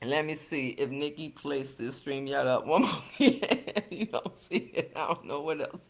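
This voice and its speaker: Reading viewer comments aloud with a playful, teasing edge, this livestream host laughs frequently. Her voice sits low and she talks at a normal speed.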